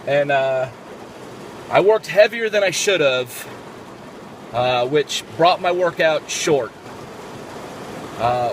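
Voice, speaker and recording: A man's voice: fairly high pitch, a bit bright, slight background noise. A man explaining workout technique in a casual fitness vlog, talking step by step with lots of fillers and restarts. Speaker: fitness vlogger.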